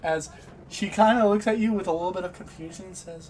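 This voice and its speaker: A man's voice: high voice, fast talker, darkish tone, a little hiss or hum. Rambling game master, man. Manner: rambling, self-correcting narration. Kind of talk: narrating a tabletop game.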